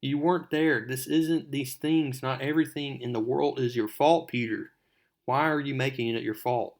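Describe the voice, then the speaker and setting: A man voicing an earnest teenage girl from a comic, gently reasoning with a friend in a slightly raised voice. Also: medium pitch, fairly even intonation, moderate pace, natural voice. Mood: pleading.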